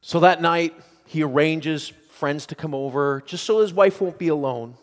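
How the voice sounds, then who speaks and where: A man preaching a sermon who swings between hushed, quiet passages and loud, excited shouting. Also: a little high, moderate pace.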